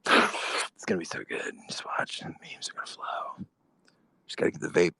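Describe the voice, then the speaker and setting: A man voicing a scheming young male meme maker in whispered role-play, with a breathy, sly whisper. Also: moderate pace, sharp tone, no room sound, studio quality, close to an everyday voice. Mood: sly hushed.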